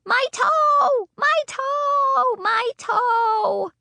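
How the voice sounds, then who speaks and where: A woman voicing a loud, excitable little first-grade girl who whines and shrieks dramatically. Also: sits high, measured pace, no room sound, voice pushed up, heavily acted. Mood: shrieking.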